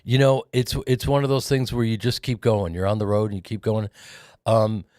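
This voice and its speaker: Low-voiced man telling showbiz stories. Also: normal speed, no room sound, clean studio sound. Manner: animated, rambling anecdotes with lots of "you know". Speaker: in-studio guest actor and comedian. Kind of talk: casual storytelling on a podcast. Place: podcast studio.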